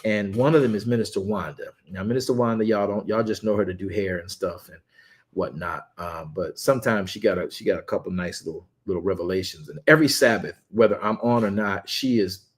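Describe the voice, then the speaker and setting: A man preaching a lively Sabbath study on a livestream, repeating words and adding playful asides. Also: fairly low pitch, a little fast. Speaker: pastor leading online Sabbath study. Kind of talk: lively sermon and livestream chat.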